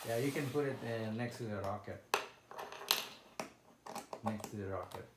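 A man playing with his young son, talking casually, patiently asking gentle questions and repeating the child's words. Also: fairly low pitch, moderate pace. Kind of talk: casual playful chat with a child. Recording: echoey room with background noise.

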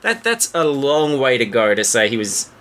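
Joking bright-voiced man hosting a podcast. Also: mid-range voice, sing-song, moderate pace, a little hiss or hum. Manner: joking, rambling, crude humour. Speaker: podcast host. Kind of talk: casual podcast chat.

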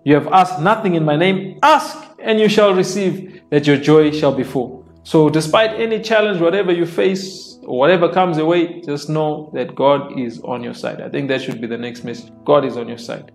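A man's voice: a little high, moderate pace, few pauses. A man preaching a sermon, reading scripture aloud and explaining it plainly, repeating phrases for emphasis. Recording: soft worship music underneath.

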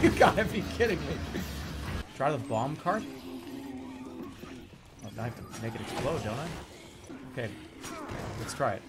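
A man's voice: mid-range voice, very animated, normal speed, pauses often. A man streaming a game, talking through it in an exasperated, swearing way, laughing at how broken it is. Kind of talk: gameplay commentary. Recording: loud game music behind.

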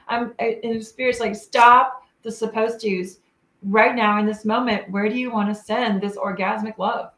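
A woman's voice: medium pitch, steady tone, normal speed, fairly bright tone. A woman telling a personal story in a casual, earnest way, quoting her own thoughts. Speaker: co-host telling a shared story. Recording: echoey room.

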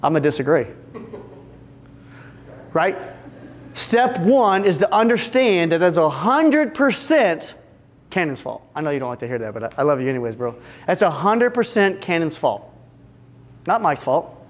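A man speaking to a live audience of fence business owners at a retreat, energetic and joking as he addresses the room directly and acts out little scenes. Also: fairly high pitch, normal speed, long pauses. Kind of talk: business seminar talk.

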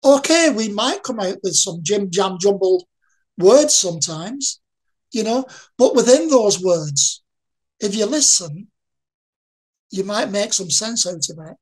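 A woman's voice: medium pitch, animated, measured pace, darkish tone, slightly rough, low-quality recording. A woman in an interview speaking frankly about her own life and asking the listener rhetorical questions. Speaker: interviewee sharing lived experience. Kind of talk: candid conversational talk.

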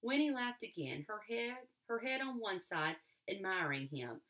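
A woman teacher reading a novel aloud to a class, expressive, with occasional restarts. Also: mid-range voice, measured pace.

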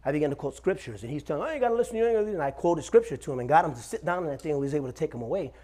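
His voice is on the high side yet dark in tone, expressive and rapid-fire. He's a pastor in his forties preaching in a church sanctuary, telling stories with humor and calling out "Amen?" to his congregation.

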